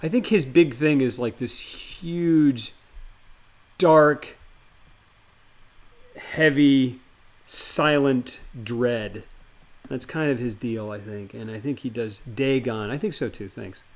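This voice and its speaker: Male streamer, casual and rambling, filler-heavy chat, then story reading; average pitch. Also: a little fast, hardly any pauses, darkish tone. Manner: chatty and rambling, greets viewers by name, many fillers. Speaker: live streamer.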